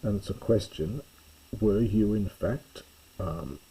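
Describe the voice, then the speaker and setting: Slow, dark-voiced male lecturer. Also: lowish voice, husky, poor audio. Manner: careful and explanatory, pauses to correct himself. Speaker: lecturer reading a Greek play. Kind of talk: slow scholarly close reading.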